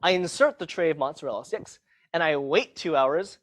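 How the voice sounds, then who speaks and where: Animated and fairly high-pitched, a university lecturer speaks at a normal speed to a live class in a lecture hall. He takes a casual, self-mocking approach and regularly tags his sentences with "okay?" to check in with students.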